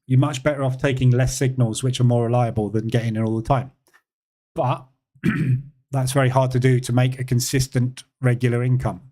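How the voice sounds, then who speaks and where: A man hosting a live trading session, explaining in a relaxed, conversational way with fillers and emphatic repeats. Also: medium pitch, normal speed. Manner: relaxed, conversational, answers chat questions; emphatic repetition with frequent fillers. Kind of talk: live-stream market commentary.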